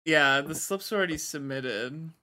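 A man co-hosting a casual sports betting chat, talking in quick asides. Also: on the high side, pushed and bright. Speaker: co-host.

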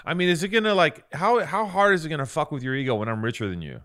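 A man co-hosting a podcast, telling a story in casual chat with heavy swearing and animated bursts. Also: fairly high pitch, fast talker, few pauses. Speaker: podcast co-host.

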